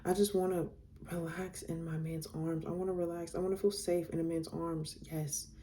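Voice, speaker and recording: A woman's voice: fairly low pitch, little pitch movement, normal speed, dark tone, a little hiss or hum. A young woman casually telling a storytime to her viewers, reading out text messages, candid and blunt, swearing freely.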